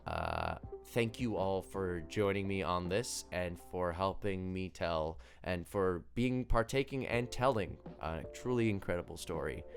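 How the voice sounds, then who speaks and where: A man's voice: sits low, very animated, unhurried, gravelly, few pauses. A young man acting as game master, thanking his players and viewers in a rambling, upbeat way with faint music behind him. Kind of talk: closing thanks on a live stream.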